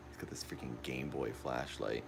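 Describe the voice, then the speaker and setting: Very deep, gravelly man streaming a horror game. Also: steady tone, normal speed, noisy background. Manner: jumpy, easily frightened, repeats exclamations. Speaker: livestreamer playing a horror game. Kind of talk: live gameplay commentary. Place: dark room at home. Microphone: phone pointed at the TV.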